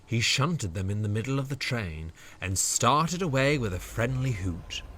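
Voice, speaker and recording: A man narrating a storybook tale in a scripted, measured way. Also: mid-range voice, expressive, a bit bright, a little hiss or hum.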